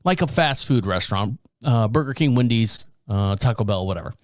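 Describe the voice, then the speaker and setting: A man's voice: fairly low pitch, animated, brisk, no echo, studio quality. A man hosting a podcast, chatting casually about the news, rambling and stumbling over names and words. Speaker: podcast host.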